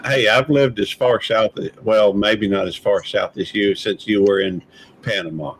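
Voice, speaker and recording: A man's voice: fairly low pitch, steady tone, a little slow, slight background noise, rough recording. A man from Mississippi, hosting a live stream in an easygoing, rambling way and calling people brother. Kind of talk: casual live stream chat.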